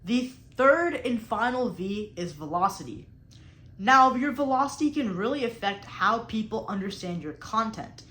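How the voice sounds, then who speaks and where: This young woman's voice runs on the high side, expressive and a bit bright, at a moderate pace in an echoey room. As a debate coach, she explains speaking technique in an instructional talk, purposely stressing key words and varying her tone with emphatic clarity.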